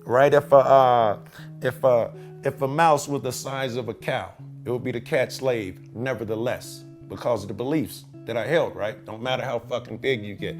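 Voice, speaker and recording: A cop watcher being interviewed swears freely and uses Chicago slang as he animatedly recounts his own experiences in casual conversation. He has a medium-pitched voice at a moderate pace, and music plays faintly behind him.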